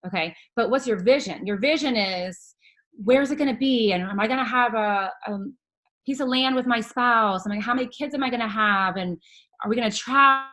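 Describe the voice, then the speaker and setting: A woman's voice: fairly high pitch, brisk, bright, forceful tone. Chatty woman on a video call. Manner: chatty, rambling, many fillers and restarts. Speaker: presenter sharing a team training recap. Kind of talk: casual presentation.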